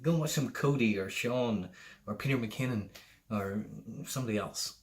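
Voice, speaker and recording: A man's voice: fairly low pitch, moderate pace, very noisy. A man with a Northern Irish accent chatting casually on a self-filmed vlog in a park, explaining things in a friendly, easygoing way. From Northern Ireland. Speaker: vlogger. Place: outdoors in a local park. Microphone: handheld camera or phone, self-filmed.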